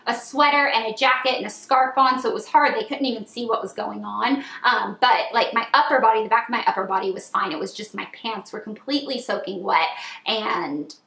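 Chatty twenty-something girl doing a storytime vlog, bright highish voice, bit of room echo. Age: 20s. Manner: chatty, animated retelling with lots of "like" and squealed quoted lines. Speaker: vlogger.

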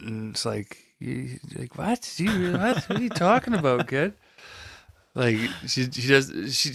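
A young man hosts a laid-back podcast chat with a gravelly edge to his voice. He jokes around and pops into a high voice to act out his toddler's lines. It is recorded close and dry, with no room sound. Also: bright, forceful tone, dry recording. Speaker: podcast host. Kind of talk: casual chat.

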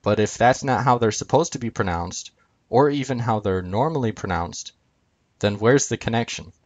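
A man's voice: medium pitch, moderate pace, dry recording. A man teaching from a chart on screen, talking unscripted with frequent ums and uhs as he walks through each item. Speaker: video lecturer.

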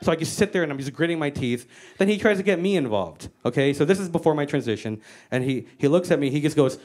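A woman's voice: lowish voice, animated, fast, darkish tone. A woman performing stand-up comedy in a brash, profane storytelling style with acted-out quotes, speaking into a handheld mic on stage. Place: stage before a live audience.

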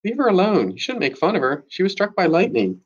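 A man's voice: medium pitch, animated, fast talker, highs cut off, voice pushed up, lightly acted. A man voicing an earnest, loyal middle-school girl in a read-aloud chapter book. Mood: pleading. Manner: earnest, pleading.

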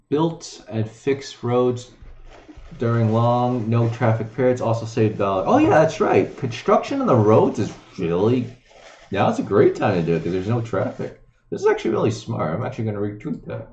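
A man's voice: medium pitch, big pitch swings, moderate pace, a little mellow, echoey room, lo-fi sound, slight background noise. A man hosting a casual commentary show, reading crypto news aloud and ranting about it with sarcasm, swearing and many fillers.

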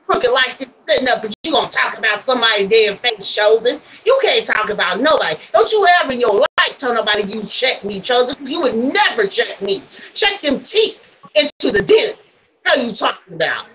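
A woman runs a livestream panel and keeps pressing a guest with blunt, profane demands. Her voice sits high and sounds bright and sharp. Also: very animated, fairly quick, hardly any pauses, highs cut off, a little hiss or hum. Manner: confrontational, swearing, repeating demands. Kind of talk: heated livestream argument.

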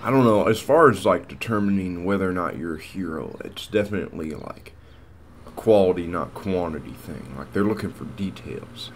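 A man with a low, expressive voice plays a scruffy, beer-bellied, self-important cartoon lead who also narrates. At a moderate pace, he rambles and meanders through his story, full of false starts. There's slight background noise.

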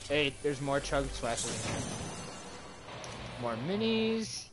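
A man in casual gaming chat over voice chat, excitable and swearing a lot. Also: mid-range voice, drawn-out words, over music. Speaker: gamer.

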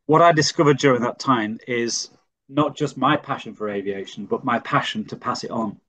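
In a conversational interview, a middle-aged pilot and flight instructor from Leeds, England brings his stories to life, voicing the dialogue himself. He speaks at a moderate pace with medium pitch and a fairly bright tone.

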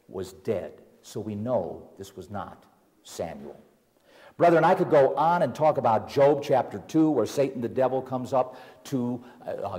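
A man preaching a sermon, animated, retelling scripture in everyday words. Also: mid-range voice, big-room sound.

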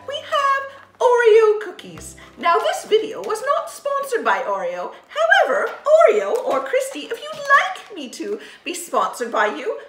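A woman hosts a playful children's food segment, bubbly and giggly with an exaggerated delivery. Her voice is very high, bright and swings widely in pitch. She sounds like she is in an echoey room with faint noise. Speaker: host of a kids' food segment. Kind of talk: playful show-and-tell for children.

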